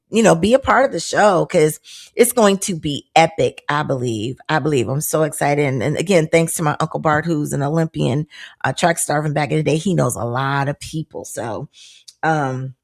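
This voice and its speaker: A woman hosts her own live talk show, scanning viewer comments as she goes. Her voice sits slightly low, and her talk is loose and exclamatory, broken by easy laughs. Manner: chatty, laughs often, exclamatory asides. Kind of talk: live-stream chat reading viewer comments.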